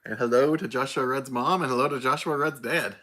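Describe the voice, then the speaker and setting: A man's voice: medium pitch, a little fast, pushed and bright. A tired man with a slightly stuffy nose, hosting a casual livestream and greeting viewers by name. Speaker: livestream host.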